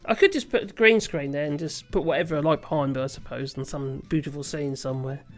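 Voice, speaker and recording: Soft music plays behind this fast-talking host, whose voice is mid-range. Reading viewer comments in a casual live chat, the host rambles, laughs a lot, and swears freely.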